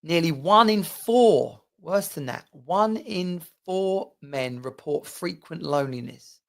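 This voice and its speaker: A man's voice: on the high side, lively intonation, takes it slowly, vocal fry. A middle-aged man from England, talking casually and ramblingly to camera with lots of asides. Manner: chatty and rambling, with frequent asides and restarts. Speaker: vlogger. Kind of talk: casual personal monologue to camera.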